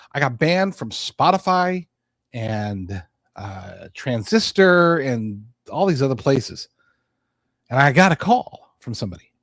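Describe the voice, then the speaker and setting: A man's voice: medium pitch, no echo. A man hosting a podcast, talking in a casual, rambling monologue with frequent restarts. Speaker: podcast host.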